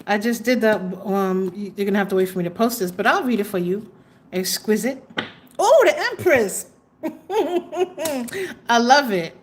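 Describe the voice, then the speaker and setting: A woman's voice: mid-range voice, lively intonation, fairly quick. A woman hosting a live tarot reading, chatty and exclamatory, trailing off into fillers as she reads cards for viewers. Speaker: tarot reader and livestream host.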